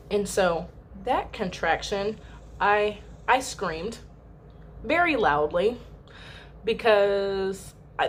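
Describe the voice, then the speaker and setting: A woman's voice: medium pitch, slight background noise. A young woman vlogger casually retelling a personal story to camera, chatty and emphatic, with frequent filler words. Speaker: channel host.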